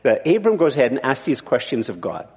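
A man's voice: mid-range voice, big pitch swings, a little fast, a little mellow, slightly rough, long reverb tail. A male pastor giving a sermon in a conversational, digressive way, often restarting his sentences. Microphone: mic on the body.

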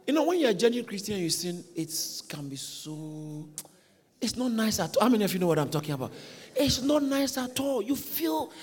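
A man's voice: sits high, very animated, a little fast, darkish tone, husky, faint music behind. A man preaching as a pastor in a church, telling a story with energy, repeating phrases and putting questions to the congregation. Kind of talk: sermon. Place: church hall. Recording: echoey church hall.

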